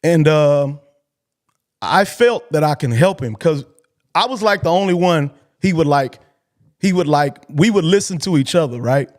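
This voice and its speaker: A man's voice: on the high side, lively intonation, measured pace. A man telling a personal story on a call-in show in an earnest, colloquial way, emotional and near tears, repeating himself as he goes. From Texas. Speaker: host.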